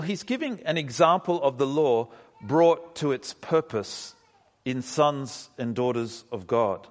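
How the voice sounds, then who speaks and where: Animated preaching man in a church hall. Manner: animated preaching with sudden pitch leaps and rhetorical questions. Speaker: pastor. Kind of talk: sermon. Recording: long reverb of a church hall.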